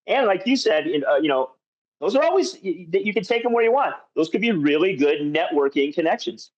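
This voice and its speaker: A man hosting a podcast in casual interview chat, easing into questions with relaxed, rambling lead-ins. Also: high voice, a little fast. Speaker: podcast host. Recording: dull lo-fi audio.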